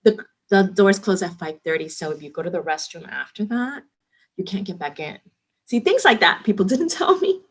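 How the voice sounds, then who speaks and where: A middle-aged woman, a restaurant executive, telling lively work anecdotes in a casual interview and acting out the dialogue she quotes. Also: medium pitch, normal speed, slightly rough.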